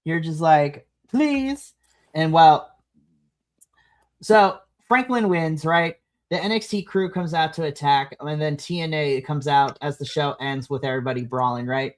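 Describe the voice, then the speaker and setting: A podcast co-host reviewing a wrestling show in casual chat, animated, with big swings in pitch and frequent laughs. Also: normal speed.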